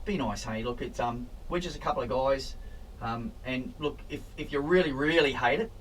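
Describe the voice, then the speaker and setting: A man's voice: medium pitch, normal speed. An older Australian man talks casually and jokes as he goes, breaking off and starting his sentences again. He sits well back from the microphone, and a faint hiss runs under the recording. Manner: animated, jokey, trails off and restarts. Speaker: podcast co-host. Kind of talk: casual chat. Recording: distant mic with faint hiss.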